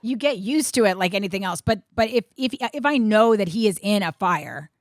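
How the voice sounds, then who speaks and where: A middle-aged woman, a comedian guest, telling animated stories in casual chat, acting out quotes and swearing freely. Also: medium pitch, fairly quick, no echo, clean studio sound. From USA.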